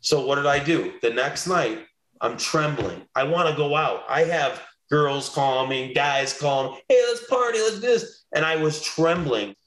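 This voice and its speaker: A man's voice: mid-range voice, a little slow, a bit bright. A young man in an interview, earnestly telling a personal testimony and acting out the voices of people he quotes. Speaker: interview guest. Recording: roomy echo.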